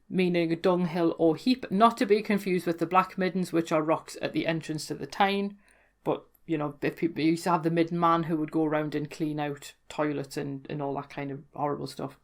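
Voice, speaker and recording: A woman with a Geordie accent, explaining local dialect words in a chatty, amused way that often corrects itself. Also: sits low. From North East England. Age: adult, worked in London before. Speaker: folklore blogger explaining dialect. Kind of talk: casual educational talk.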